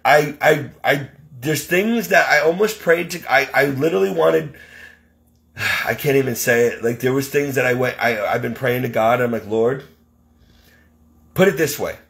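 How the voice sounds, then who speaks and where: A man's voice: mid-range voice, normal speed, creaky, a bit bright. A man venting as a caregiver in an indignant, exasperated monologue. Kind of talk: ranting monologue.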